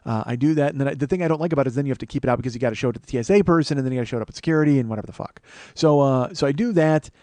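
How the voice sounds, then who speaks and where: A man's voice: medium pitch, rapid-fire, mellow, no room sound. Man, comedy podcast host, rambling storyteller, swears a lot, dry close sound. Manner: profane, rambling, sarcastic asides. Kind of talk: casual storytelling monologue.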